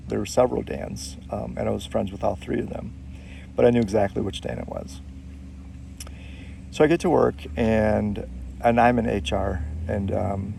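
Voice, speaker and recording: Gravelly low-voiced man telling a story. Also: dark tone, a little hiss or hum. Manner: halting, reflective, with frequent pauses. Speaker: storyteller sharing personal faith experiences. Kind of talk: casual spoken storytelling.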